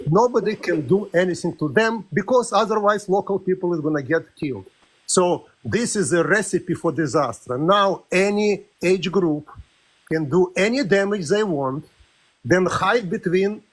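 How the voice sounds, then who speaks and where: A man calling in to a live stream, arguing a political point in steady, slightly broken English. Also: high-pitched, husky. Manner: argumentative, measured, with non-native grammar. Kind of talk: political debate.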